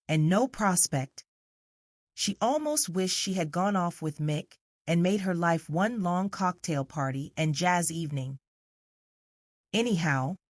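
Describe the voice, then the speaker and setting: Woman audiobook narrator, low and measured, dry studio sound. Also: dry recording. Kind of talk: scripted literary narration.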